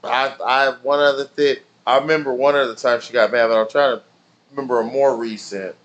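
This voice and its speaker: A man's voice: medium pitch, fairly even intonation, brisk, a bit bright, dull audio. Rambling, slangy man chatting on stream. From family in Nigeria. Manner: loose, rambling storytelling with slang and swearing. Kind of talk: casual chat with stream viewers.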